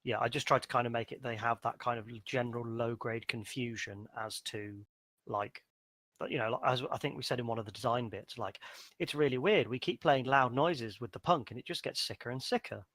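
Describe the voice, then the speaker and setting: A man's voice: medium pitch, brisk, fairly bright tone, dry recording. A man talking casually as the game master in a podcast chat, rambling with many fillers and explaining his design choices.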